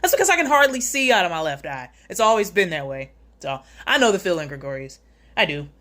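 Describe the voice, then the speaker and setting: Woman, fairly low voice, casual livestream host, reads chat aloud, sarcastic jokes, laughs a lot. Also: big pitch swings, quick pace, fairly bright tone. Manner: reads chat comments aloud and greets viewers by name; joking and sarcastic, laughs often.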